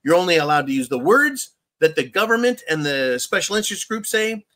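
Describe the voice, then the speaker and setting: This man's high-pitched voice is sing-song, brisk and a bit bright as he hosts a casual political commentary livestream. He reads viewer chat in a rambling, sarcastic way, chuckling and tossing in mocking asides.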